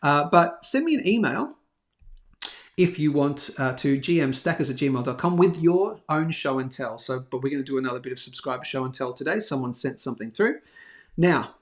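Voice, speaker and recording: A man hosting a live stream, casually telling a rambling, self-deprecating story. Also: medium pitch. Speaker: host of a daily live bullion show. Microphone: live stream over a phone hotspot.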